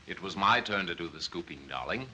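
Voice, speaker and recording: A cocky young reporter answers everything with breezy, flippant banter. His voice is sharp and bright, and it swings up and down. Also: sits low, expressive, brisk, slight background noise, heavily acted. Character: cocky, glib young male newspaper reporter. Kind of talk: 1930s film acting.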